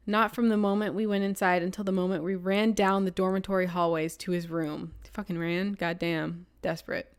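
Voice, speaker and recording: A woman's voice: mid-range voice, smooth. A young woman streamer reading a story game aloud and reacting bluntly, with frequent swearing. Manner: blunt, profane running reactions.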